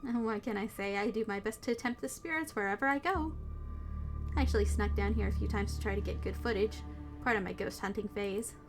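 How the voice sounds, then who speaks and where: Wry, breezy young ghost hunter with dark humor, played by a woman. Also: medium pitch, fairly quick, over music, lightly acted.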